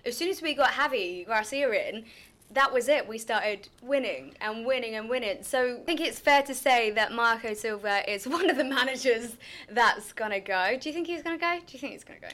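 A woman's voice: on the high side, normal speed, fairly bright tone. A woman hosting a casual football chat, giving her opinions in a chatty, hedging way.

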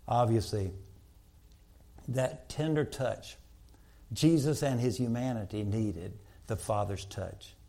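A man preaching a sermon from the pulpit of a church. His voice is dark and mellow, set at a middle pitch for a man. He climbs to loud, emphatic peaks and then sinks into hushed, intimate lines. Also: slow pace, pauses often. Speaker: pastor.

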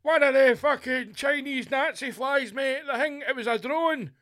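A man's voice: very high-pitched, moderate pace, pitched above the performer's own voice. A man voicing a rambling old male pensioner who rants crudely and paranoidly at the police. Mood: ranting. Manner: crude, paranoid, excitable ranting.

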